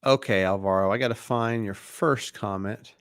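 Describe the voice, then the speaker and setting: A man hosting a live mortgage Q&A stream, talking in a relaxed, chatty way with lots of fillers and restarts, sounding tired. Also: on the low side, normal speed, clean tone, dry recording, clean studio sound. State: tired, yawning.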